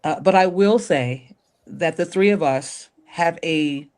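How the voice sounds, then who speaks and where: A woman, a guest singer, chatting in an interview and telling animated stories. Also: fairly low pitch, takes it slowly. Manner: animated storyteller, acts out quotes. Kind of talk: casual interview chat.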